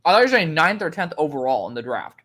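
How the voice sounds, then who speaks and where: A young man co-hosting a casual chat, excitable, laughing often and swearing casually. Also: a little high, fast. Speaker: co-host.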